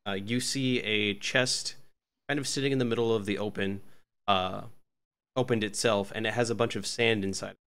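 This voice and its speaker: A man's voice: on the low side, steady tone, normal speed, a bit bright, clear, resonant tone. A man narrating a tabletop game as game master, hesitant and full of fillers.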